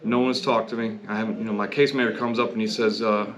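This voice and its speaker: A man's voice: lowish voice, level tone, fast talker, hardly any pauses, a bit bright, muffled recording. A man hosting a podcast, telling his own story bluntly and candidly, with heavy swearing. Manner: blunt, heavily profane, candid. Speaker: podcast host. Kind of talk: personal storytelling monologue.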